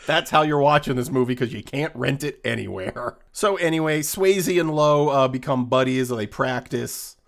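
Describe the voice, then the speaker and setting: A man co-hosting a casual film-review podcast, sardonic and animated, acting out lines from the film. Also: mid-range voice, unhurried, gravelly. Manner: animated and sardonic, acts out quotes. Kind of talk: casual chat.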